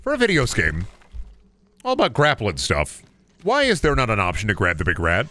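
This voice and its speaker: A man's voice: lowish voice, huge pitch swings, normal speed, sharp tone, faint music behind. A man streaming a video game and commenting live, talking in a profane, repetitive, often exasperated mutter.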